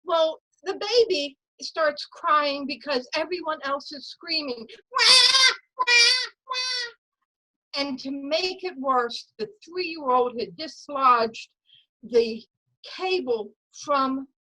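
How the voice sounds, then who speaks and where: A woman tells a true story from her own life to a story-slam audience over a video call. Her voice sits a little high, and her delivery is lively and dramatic. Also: takes it slowly, low-quality recording. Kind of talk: personal story told at a story slam.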